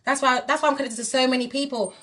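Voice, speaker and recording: Her voice is high-pitched, a bit bright and steady in tone, and she talks rapid-fire. The speaker, a singer from England in her forties, rants defiantly and passionately on a live video, using emphatic repetition as her British accent shifts into Jamaican patois.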